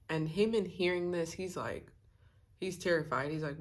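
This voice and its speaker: Low-voiced young woman, chatty storytelling. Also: moderate pace. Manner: chatty, leans on "like" and "you know". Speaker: vlogger. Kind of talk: casual storytelling while doing makeup.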